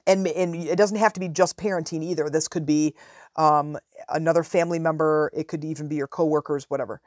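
A woman's voice: deep voice, steady tone, darkish tone, dry recording. Woman in her 40s chatting frankly about parenting, dry close mic, leans on words. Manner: frank, conversational, drawn-out emphasis. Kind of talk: casual storytelling monologue.

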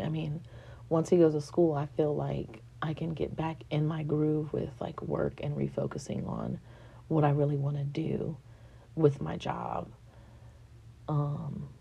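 A woman in her thirties talks candidly to the camera, rambling and frank with plenty of fillers and swearing. Her voice sits low and gravelly with a mellow, darker tone. Faint room noise sits under the recording. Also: muffled recording. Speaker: vlogger. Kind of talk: candid personal venting.

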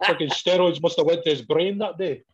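A man, a professional wrestler, telling sweary, animated stories in casual chat and acting out both sides of each exchange. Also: fairly high pitch, a little fast, husky. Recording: dull lo-fi audio.

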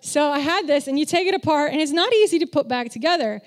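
A woman's voice: sits high, fast talker. A woman giving a conversational sermon as a church speaker who works in children's ministry, candid and self-deprecating, acting out the voices she quotes. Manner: animated, acts out quoted voices.

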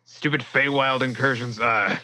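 Bright-toned man running a tabletop game. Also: medium pitch, fairly even intonation, unhurried. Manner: casual, filler-heavy narration. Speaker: game master. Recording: dull lo-fi audio.

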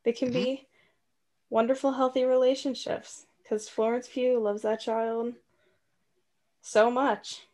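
A woman's voice: a little high, flat delivery, unhurried, warm tone. Woman co-host, casual movie chat, playful and rambling. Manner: chatty, playful, many likes and restarts.

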